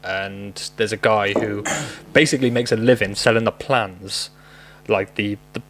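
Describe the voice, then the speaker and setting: A man's voice: lowish voice, fairly even intonation, measured pace, a bit bright, slight background noise. Welsh man arguing casually. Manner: swears freely, argues with lots of "like" fillers. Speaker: podcast co-host. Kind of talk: casual debate chat.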